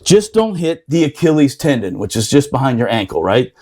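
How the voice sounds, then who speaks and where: A middle-aged man telling a boot camp story on a podcast, profane and animated, laughing as he talks. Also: medium pitch, fairly quick. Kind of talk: casual storytelling chat.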